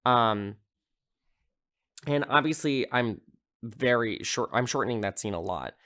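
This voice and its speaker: A man's voice: medium pitch, lively intonation, measured pace, bright, forceful tone. A man hosting a casual podcast, retelling a horror film in a chatty way, full of "like" fillers and easy swearing. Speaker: podcast host.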